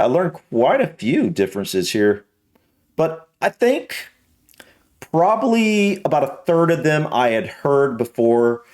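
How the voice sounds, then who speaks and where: A man's voice: mid-range voice, darkish tone. An American man hosting a reaction video, thinking aloud with hesitant, casual remarks. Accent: American English. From United States.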